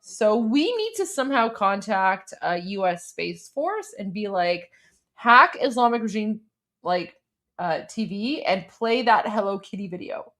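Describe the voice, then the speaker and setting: A woman hosting a casual commentary chat, animated and full of exclamations. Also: mid-range voice, measured pace. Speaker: host.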